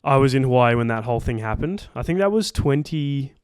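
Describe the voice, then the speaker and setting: A man's voice: mid-range voice, expressive, a little fast, a little mellow, clear, resonant tone, no echo, clean studio sound. A young Australian man co-hosting a podcast, telling a story in a rambling, casual way, swearing freely and filling gaps with "like" and "um". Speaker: podcast co-host.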